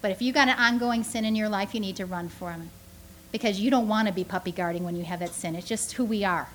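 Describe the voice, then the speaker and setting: A woman giving a lively, conversational sermon to a church audience, full of rhetorical questions and asides. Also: medium pitch, fast, slight background noise. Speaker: speaker teaching a church audience.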